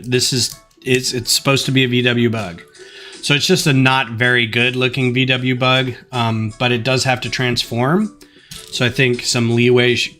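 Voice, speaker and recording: A man's voice: medium pitch, a bit bright. A man chatting casually at home while building a kit on a live stream, rambling with plenty of fillers. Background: faint music.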